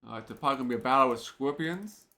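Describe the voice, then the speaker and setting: A man's voice: medium pitch, expressive, very fast, pushed and bright. A man streaming an old computer role-playing game, thinking aloud casually with lots of filler words. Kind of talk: let's play commentary.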